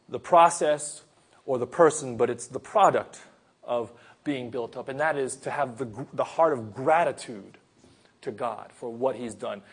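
A man delivers a sermon, retelling a Gospel story with earnest, storyteller-like delivery. His medium-pitched voice moves through pauses and bursts of sudden emphasis.

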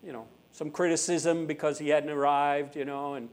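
A man delivering a sermon in a slightly higher voice than most men. He talks with the congregation more than at them, tossing in tag questions. He lingers on the big lines and says them again slowly. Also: flat delivery, a little mellow. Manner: conversational preaching with tag questions, slow emphatic repetition. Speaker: preacher.

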